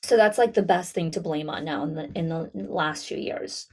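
A woman coaching school leaders in an online town hall, talking directly and lively to her audience. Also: deep voice, normal speed. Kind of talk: webinar talk.

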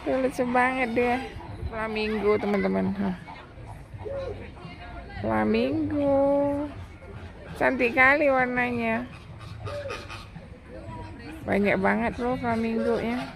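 A woman vlogging casually, cooing at birds in a high baby voice. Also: slow pace, creaky, long pauses. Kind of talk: casual travel vlog.

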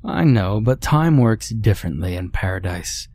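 A man's voice: fairly low pitch, expressive, moderate pace, darkish tone. A man voicing a theatrical, courtly doctor with a sinister showman's air, in a horror storybook narration. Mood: soothing. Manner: grand, courtly, speaks of "my dear".

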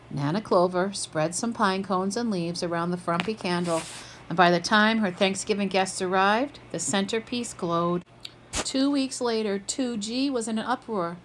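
Brief: woman narrator for a children's picture book, medium pitch, animated dialogue, light background noise. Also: normal speed, rough recording. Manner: lively, puts up her pitch for characters' quoted lines. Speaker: storybook reader.

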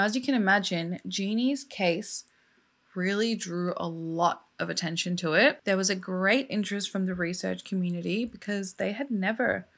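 Chatty woman vlogger telling a sad true crime story, emotional, kinda outraged, mid pitch. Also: creaky. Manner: emotional, indignant and conversational. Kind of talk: casual storytelling vlog.

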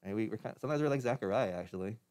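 A man's voice: lowish voice, lively intonation, racing, a little mellow. A man preaching a sermon as pastor, in a conversational way with restarts and light laughs.

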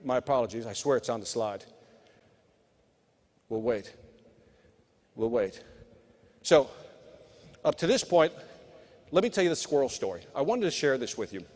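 His medium-pitched voice is a little mellow, with lively intonation, normal speed and frequent pauses. This middle-aged man is giving a live, punchy, motivational sales keynote straight to the audience in a large conference hall with long reverb.

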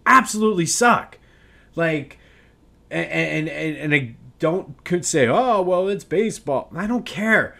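Male sports podcast host, mid-pitch, agitated rant, stumbling restarts. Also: a bit bright. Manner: worked-up ranting with restarts. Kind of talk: casual solo sports podcast.

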